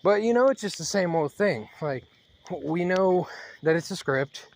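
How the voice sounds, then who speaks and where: A man delivering a worked-up, rambling vlog monologue while walking outdoors, slightly out of breath and halting with fillers. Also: high voice, expressive, slight background noise. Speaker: channel host.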